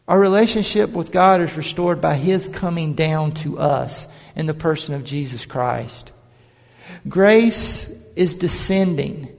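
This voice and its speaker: Male pastor, gravelly, slightly high voice, preaching with emphatic build-ups, long church-hall reverb. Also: darkish tone. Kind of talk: sermon.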